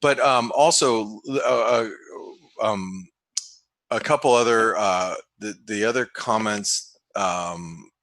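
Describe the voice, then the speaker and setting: A man hosting a webinar, giving casual market commentary in a halting way, full of restarts and fillers. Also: lowish voice, fairly bright tone, no room sound. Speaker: webinar host and market analyst. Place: home office in the desert.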